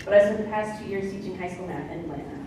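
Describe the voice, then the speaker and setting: A young woman from Texas introduces herself to colleagues, matter-of-fact and quick-spoken. She is picked up from far away. The room is very echoey, with faint noise. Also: mid-range voice, warm tone. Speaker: academic coaching staff. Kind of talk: self-introduction at a staff meeting. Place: meeting room.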